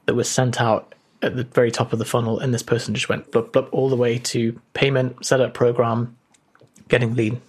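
A man's voice: mid-range voice, level tone, moderate pace, breathy edge. A man co-hosting a podcast, chatting casually in an earnest way and thinking aloud with hesitant restarts. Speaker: podcast co-host. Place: at home, remote call.

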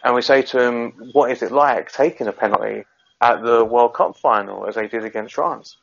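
A man's voice: medium pitch, normal speed, creaky, a little hiss or hum. Man telling a rambling story over lo-fi line. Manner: rambling storyteller, many restarts. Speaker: podcast co-host. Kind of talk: casual chat, long anecdote.

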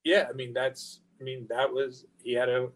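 A man's voice: medium pitch, normal speed, low-quality recording. Profane New man telling stories. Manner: profane, animated anecdote-telling with quoted dialogue. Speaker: guest, record label founder. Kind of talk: casual storytelling interview.

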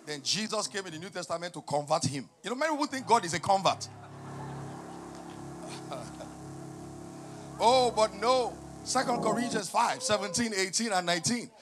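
High-voiced passionate male preacher. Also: expressive, moderate pace, pauses often, over music. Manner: swings from quiet teaching to loud shouted emphasis. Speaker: pastor. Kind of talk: sermon.

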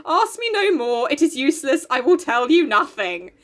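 A woman's voice: high voice, normal speed. Woman as a weary old blind seer, grudging and terse. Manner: reluctant, flat and grudging.

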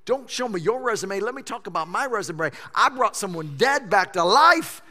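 A man pastor preaching a sermon in a church sanctuary, animated and swinging between loud shouting and hushed intensity. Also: high-pitched, moderate pace. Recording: long church-hall reverb.

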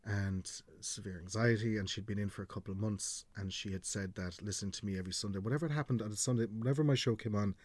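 A man's voice: on the low side, a little mellow, no echo. A middle-aged Irish man, a radio presenter telling stories in a frank, chatty way and swearing freely. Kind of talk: podcast conversation, storytelling.

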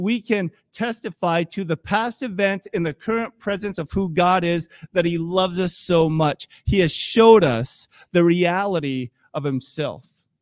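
A man's voice: a little high, no room sound. A middle-aged male pastor preaching a sermon in a conversational, storytelling way, acting out quoted voices.

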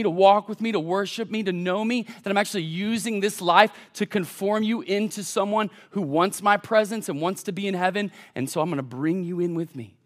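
A young man preaching a sermon, telling a lively family story to the congregation. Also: high voice. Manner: animated, addresses the congregation as y'all. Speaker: college pastor.

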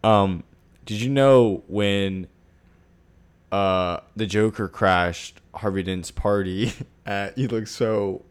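A young man co-hosting a casual podcast, relaxed and slangy, quick to agree. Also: lowish voice, clean tone. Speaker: podcast co-host. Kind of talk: casual chat.

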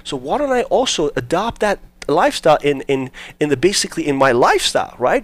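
A man's voice: on the high side, big pitch swings, fast, few pauses. Earnest man telling his story. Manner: earnest, leans on "basically" and "right?". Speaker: guest. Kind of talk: personal storytelling in an interview.

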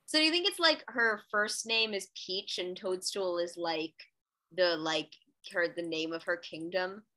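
A woman's voice: lowish voice, measured pace, bright, forceful tone. A woman from the US East Coast co-hosting a casual podcast, rambling and thinking aloud with lots of fillers. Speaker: podcast co-host. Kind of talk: casual chat.

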